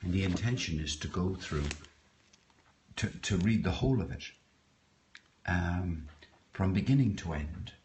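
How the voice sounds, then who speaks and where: A man's voice: low-pitched, lively intonation, measured pace, long pauses, darkish tone, a little hiss or hum. A man hosting a live poetry stream from his home kitchen, greeting viewers by name in a rambling, hesitant way. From Ireland. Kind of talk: casual live-stream chat. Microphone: phone.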